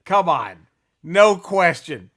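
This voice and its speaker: A man's voice: high voice, lively intonation, takes it slowly, a loud crowd. A man co-hosting a podcast, chatting in a crude, profane, joking way. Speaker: podcast co-host. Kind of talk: casual comedic chat.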